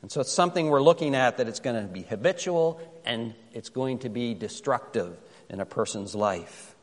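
A man preaching a sermon as pastor, telling a story in a conversational way and reading scripture slowly and with care. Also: medium pitch, lively intonation, long reverb tail.

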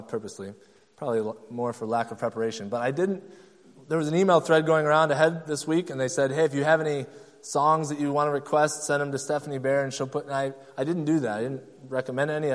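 Pastor guy preaching, kinda high voice, echoey church hall, punches his key lines. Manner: emphatic, acts out quoted voices, repeats key phrases. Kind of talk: sermon.

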